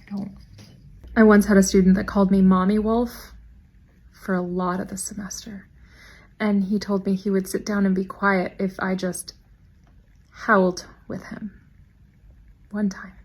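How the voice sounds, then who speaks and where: A young adult woman, a teacher, telling funny classroom anecdotes in a dry, deadpan way and quoting her students. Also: mid-range voice, unhurried, long pauses. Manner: deadpan, wry delivery with quoted student voices. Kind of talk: anecdotal storytelling.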